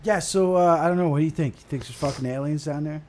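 A man in a casual podcast chat, talking about conspiracies with lots of swearing and halting restarts. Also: a little high, a little mellow, slight background noise.

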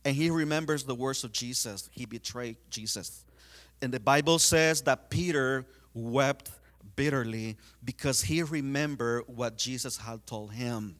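A man's voice: medium pitch, unhurried, a bit bright. A man giving a sermon in a conversational way, with many fillers, retelling scenes. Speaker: preacher.

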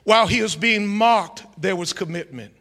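A male pastor preaching a fiery sermon in a church, shouting with exclamations. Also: high-pitched, moderate pace, big-room sound. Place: church sanctuary.

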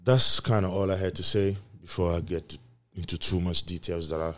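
Deep-voiced profane podcast host. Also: male voice, fairly even intonation, normal speed. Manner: profane, rambling, preachy motivational; repetitive emphatic delivery, swinging loud and soft. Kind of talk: casual solo podcast monologue.

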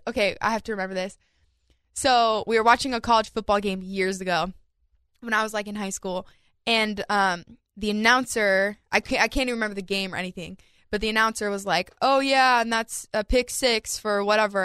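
A woman's voice: mid-range voice, steady tone, a little fast, sharp tone, clean tone, no room sound, clean studio sound. A young woman co-hosting a podcast, chatting casually and telling stories with acted-out quotes. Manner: chatty storyteller, acts out quotes of family. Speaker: podcast co-host. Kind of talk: casual chat.

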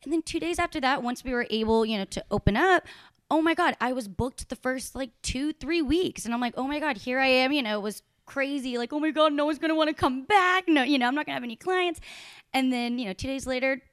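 A woman's voice: high voice, brisk, smooth, no room sound, studio quality. A woman in her twenties telling stories in a casual interview, chatty with many fillers. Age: 20s. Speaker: guest, small business owner.

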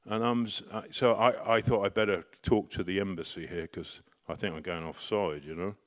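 This middle-aged man tells his story with a slightly low voice. He talks casually, breaking off and restarting, and rises into lively bursts at the exciting moments. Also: moderate pace. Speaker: storyteller recounting personal experience.

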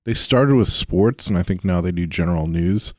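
A very deep-voiced man hosts a podcast. He is easygoing and asks the guest questions. The sound is dry and close. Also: moderate pace, darkish tone, no room sound. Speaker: podcast host. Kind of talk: casual podcast chat.

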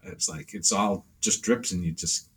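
A man's voice: low voice, moderate pace, fairly bright tone, breathy edge. A man chatting casually as an interview guest, rambling through stories with many fillers and acting out other people's lines. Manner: rambling storyteller, many fillers, acts out quotes. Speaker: pastel artist guest.

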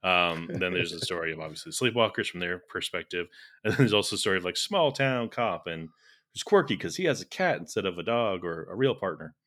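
A man with a very deep voice and a bright, forceful tone talks about a horror film. He speaks quickly and keeps breaking into laughter. His talk is loose and full of "like". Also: animated. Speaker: podcast co-host. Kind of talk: casual film discussion.

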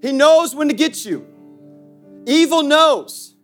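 A male pastor preaching passionately, swinging from loud calls to hushed asides with playful remarks to the congregation. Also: very high-pitched, expressive, slow, faint music behind. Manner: impassioned preaching with sudden shifts from shouting to hushed. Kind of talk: sermon.

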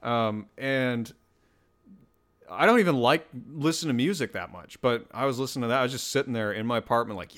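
Hosting his podcast by himself, a man talks fast in an animated, medium-pitched voice with a fairly bright tone. He rambles casually and makes fun of himself along the way.

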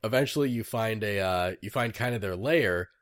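A man's voice: on the low side, moderate pace, dry recording, studio quality. A man chatting casually about a video game, rambling with many fillers and enthusiasm.

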